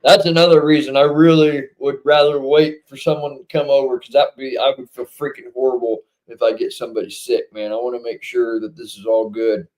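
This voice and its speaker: A man chatting casually with viewers on a livestream, rambling and swinging into animated bursts, feeling under the weather. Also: mid-range voice, brisk, few pauses. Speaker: livestream co-host.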